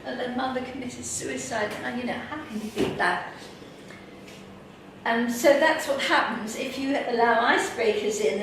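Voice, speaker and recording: A fairly high-pitched English woman gives a workshop talk, full of lively anecdotes in which she acts out what people told her. The recording is very echoey and picked up from some distance, with a faint hiss underneath. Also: gravelly. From England. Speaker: workshop speaker. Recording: echoey hall, mic far off, faint noise.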